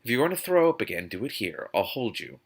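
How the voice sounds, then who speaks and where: A man voicing a smooth, controlling rich young man in a book reading, speaking quietly and firmly. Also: medium pitch, very animated, quick pace. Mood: calm.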